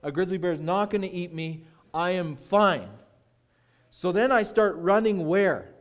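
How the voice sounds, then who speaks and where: Guy preaching, highish voice, storytelling sermon, goes quiet for effect. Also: a little slow. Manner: dramatic storytelling, dropping to a hushed voice at key moments. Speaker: guest preacher.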